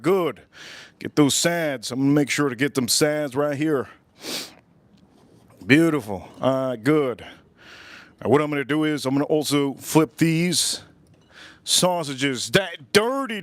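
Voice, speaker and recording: A man's voice: a little high, no echo. A man hosting a live cooking demo at a windy outdoor grill, rambling and joking, often repeating his phrases. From United States. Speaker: cooking livestream host.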